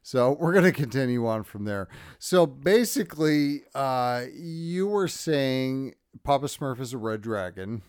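A man's voice: medium pitch, animated, measured pace, few pauses, clear, resonant tone, no echo, studio quality. Drunk, crude podcast co-host man. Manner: loud, crude and laughing. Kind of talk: casual chat.

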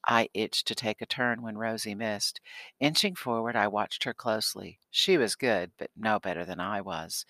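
A man reading a first-person story aloud in a steady, measured way, dropping to a hush at tense moments. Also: on the low side, no room sound. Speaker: audiobook narrator.

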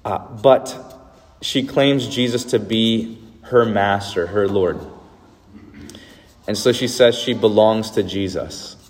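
A man's voice: on the low side, takes it slowly, pauses often. Man, pastor, sermon, earnest, emphatic, repetitive cadence, long hall reverb.

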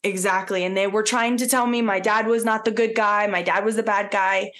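A woman's voice: medium pitch, fairly even intonation, a little fast, fairly bright tone. A woman co-hosting a podcast, talking in an earnest, heartfelt casual chat with many "like" fillers. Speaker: podcast co-host.

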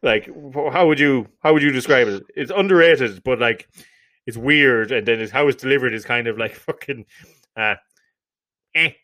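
Giggly rambling Irish man, bright tone. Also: mid-range voice, moderate pace. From Ireland. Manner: rambling, laughing, swearing, doing silly vocal noises. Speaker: podcast co-host. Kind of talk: casual banter.

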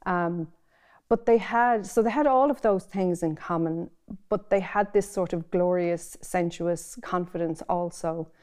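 A woman's voice: fairly low pitch, unhurried, darkish tone. A middle-aged woman with an Irish accent, reading her own prose expressively and then talking about it in an interview. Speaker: author.

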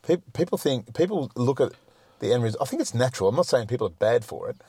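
Middle-aged guy, plain-spoken and profane, relaxed podcast chat, dead-dry recording. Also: medium pitch, fast, slightly rough, dry recording. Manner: blunt, swears freely, repeats words when starting a point. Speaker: podcast guest. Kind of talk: casual chat.

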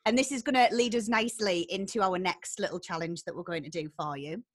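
A woman's voice: medium pitch, brisk. A woman with a Geordie accent co-hosting a casual chat, upbeat and giggly. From North East England. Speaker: co-host.

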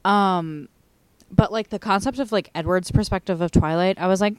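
A young woman hosting a casual podcast chat with a friend. Her voice is smooth and clear at a middling pitch. She rambles, giggles and pokes fun at herself. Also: moderate pace, dry recording. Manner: giggly, rambling, self-mocking. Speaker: podcast host.

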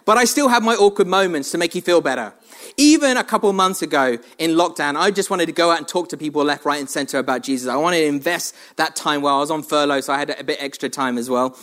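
A man preaching a sermon, telling funny stories about himself and laughing often. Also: on the high side. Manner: animated, self-mocking storytelling with frequent laughs.

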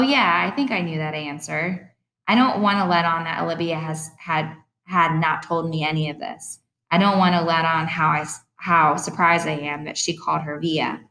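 A woman reads an audiobook in the first person, with an expressive, reflective storytelling manner. Her voice sits a little lower than most women's. She shifts easily between narration and quoted speech.

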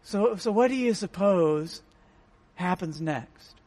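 High-voiced man preaching slowly. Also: expressive, darkish tone, no echo. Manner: earnest, repeats words when emphasizing. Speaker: pastor. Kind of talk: sermon.

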